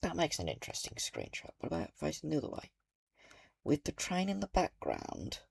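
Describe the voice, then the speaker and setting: A man's voice: a little high, huge pitch swings, vocal fry, breathy edge, dry recording. A British man giving casual commentary over a train simulator game, thinking aloud as he goes. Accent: British English. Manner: musing aloud, slow and thoughtful. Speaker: gaming video creator.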